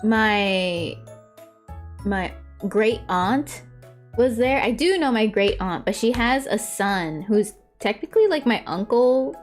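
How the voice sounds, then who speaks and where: A woman in her twenties chatting casually while drawing on stream, telling stories with frequent laughter and high-pitched impressions of relatives. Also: animated, slow pace, faint music behind. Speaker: vtuber streamer.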